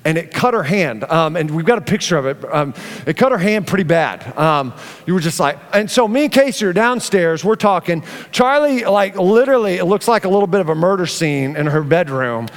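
Pastor, middle-aged man, high voice, lively storyteller, stage mic in a big reverberant sanctuary. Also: a little fast. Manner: animated storyteller, acts out family dialogue. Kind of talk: sermon with personal story. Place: church auditorium. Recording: long hall reverb.

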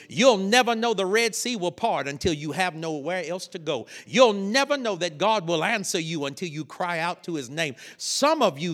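A man preaching a lively sermon, telling a story with laughter and sudden shouted bursts. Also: high voice. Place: church sanctuary.

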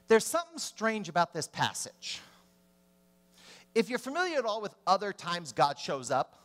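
A man preaching a sermon, swinging between emphatic rising questions and hushed drops. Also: high-pitched.

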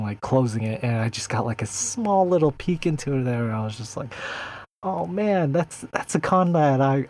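A man's voice: medium pitch, a little mellow. Casting: man, podcast co-host, rambling, filler-heavy storytelling. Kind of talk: casual podcast chat.

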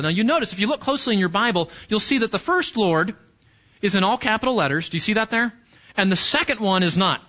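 Bright, high-voiced male preacher. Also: animated, brisk, highs cut off. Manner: earnest, explanatory preaching with rhetorical questions. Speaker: pastor. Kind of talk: sermon.

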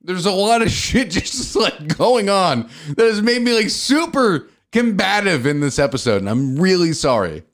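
A man's voice: sits high, sing-song, moderate pace, few pauses, a bit bright. Combative, profane male podcast host. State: tired from lack of sleep. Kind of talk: casual podcast banter.

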